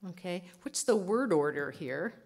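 A woman linguist giving a lively conference lecture, chatty, laughing often and saying "okay" a lot. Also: lowish voice, a little slow.

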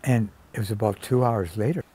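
An older man telling anecdotes in an interview, animated and acting out the people he quotes. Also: on the low side, a little fast, husky. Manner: animated storyteller who acts out quoted voices. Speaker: interviewee, celebrity hairdresser. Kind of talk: storytelling anecdotes.

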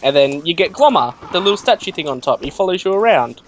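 A young man co-hosting a let's play, chatting in an excitable way and laughing often, over a headset or desk mic. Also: on the high side, fast, slight background noise. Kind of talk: casual gaming chat.

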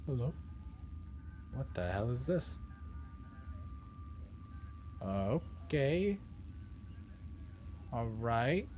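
A young man giving let's play commentary on a horror game, excitable and cursing loudly when startled. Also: mid-range voice. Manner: excitable, swears and yells when scared. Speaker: gaming video creator.

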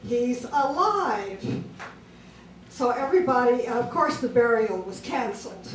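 A woman's voice: a little high, expressive. Woman comic telling jokes in a club. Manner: deliberate, drawn-out joke delivery with filler pauses. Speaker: stand-up comedian. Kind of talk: stand-up joke telling. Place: comedy club stage. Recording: roomy club sound from far off, crowd noise.

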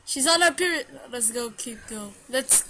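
A woman's voice: a little high, expressive, normal speed, pushed and bright, slight background noise, low-quality recording. A woman commentating a horror game, reading lines aloud and shrieking in panic when chased. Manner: panicky, shrieks and repeats words when scared. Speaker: gameplay commentator. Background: game music.

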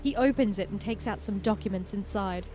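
A woman hosting a game playthrough, reading the story text aloud with expressive, storytelling delivery. Between passages she chats casually in a mid-range voice. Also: medium pitch, faint music behind. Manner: expressive storytelling narration, quick to laugh. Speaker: player and host of a game playthrough.

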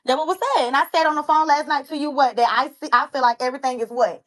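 A woman's voice: high voice, fairly even intonation, very fast, over a noisy crowd. A woman insistently defending what she said on a group phone call. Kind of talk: heated phone call argument.

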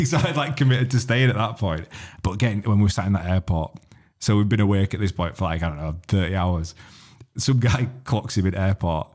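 A man's voice: fairly low pitch, a little fast, a little mellow. A man hosting a podcast, telling laughing, swearing anecdotes. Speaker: podcast host. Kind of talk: casual podcast chat.

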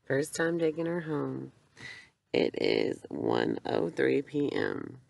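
Very low, gravelly-voiced woman vlogger. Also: wildly swooping pitch, takes it slowly, darkish tone, dry recording. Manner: rambling, unsure chatter about her new dog. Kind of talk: casual home vlog.

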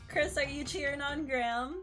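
A young woman streaming a video game, slightly hoarse from yelling, chatting casually and laughing often. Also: high voice. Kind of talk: casual livestream chat while gaming. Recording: game music playing behind.

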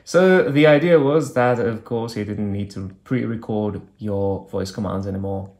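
A man's voice: lowish voice, a little slow, darkish tone. A man reviewing an old phone, talking casually and thinking aloud with hesitant fillers as he clicks through menus. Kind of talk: casual hands-on product demo.

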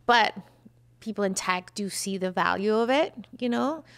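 A woman film producer talks as a podcast guest. She is relaxed and conversational, laughing easily and leaning on "you know" as she explains her studio. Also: medium pitch, moderate pace, gravelly, clean tone. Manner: easygoing, laughs often, fills with "you know" and "like". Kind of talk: casual interview chat.

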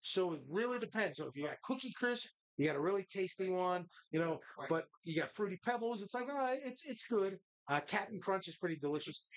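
A man's voice: sits high, a bit bright. A man hosting a live bar show, chatting casually in a rambling, profane, jokey way.

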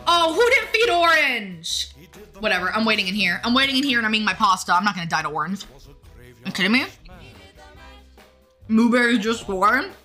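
Bright-voiced chatty woman streamer. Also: mid-range voice, fast, pauses often, faint music behind. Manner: chatty, reads chat aloud and answers viewers. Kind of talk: casual live-stream chat while gaming.

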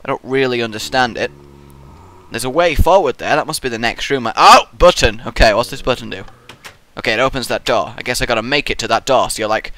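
A young man hosting a gaming video, talking in an excitable, rambling way and acting out the player's thoughts in silly voices. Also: medium pitch, fairly quick. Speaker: gaming channel host. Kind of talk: Let's Play commentary.

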